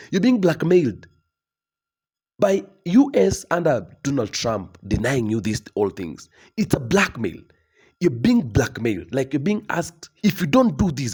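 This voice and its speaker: A man's voice: fairly high pitch, warm tone, husky. A young man delivering an emphatic opinion monologue, lecturing and repeating himself with frequent tag questions. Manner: emphatic, repetitive, lecturing with frequent "okay?" tags. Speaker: commentator.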